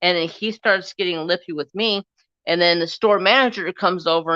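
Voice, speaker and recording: A man's voice: high voice, moderate pace, bright, forceful tone, clear, resonant tone, dry recording, dull audio. A man hosting a casual crafting live stream, rambling through a story and getting heated as he retells an argument.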